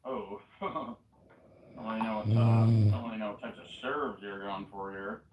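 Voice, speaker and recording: A man on a headset mic giving live, excitable commentary on his own gameplay, yelling and swearing at opponents. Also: on the low side, measured pace, reverberant, muffled recording. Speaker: streamer.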